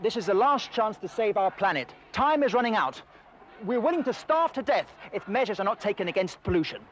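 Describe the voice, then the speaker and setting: A high-voiced hotheaded protester. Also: male voice, sing-song, a little fast, a little hiss or hum. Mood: earnest. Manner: argumentative, indignant. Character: stubborn hot-tempered male smoker protester. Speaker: sketch actor.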